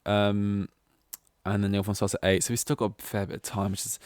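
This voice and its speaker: A man's voice: on the low side, level tone, quick pace, clear, resonant tone, dry recording, clean studio sound. A young man hosting a solo podcast, rambling and self-mocking in casual chat. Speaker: podcast host.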